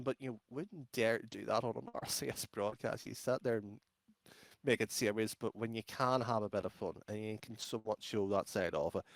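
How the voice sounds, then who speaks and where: A man's voice: fairly low pitch, dry recording. A man with an Irish accent, an esports caster chatting bluntly in an interview, rambling with many fillers and restarts. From Ireland. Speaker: esports caster, podcast guest. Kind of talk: casual interview chat.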